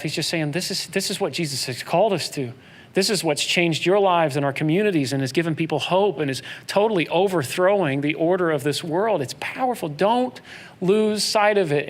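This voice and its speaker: A man preaching a sermon in a conversational style, acting out quoted voices as he goes. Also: a little high. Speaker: pastor.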